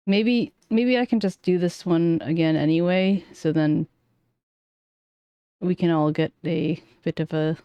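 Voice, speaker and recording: A woman's voice: lowish voice, measured pace, warm tone, smooth, no room sound, highs cut off. A woman streamer chatting casually and self-deprecatingly between game lines, swearing now and then.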